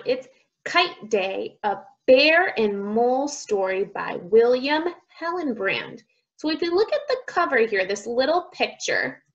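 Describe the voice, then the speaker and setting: A young woman, a speech therapist, reading a picture book to children, slowly modeling sounds and praising each try. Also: fairly high pitch, lo-fi sound. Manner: slow, drawn-out modeling of sounds, encouraging praise.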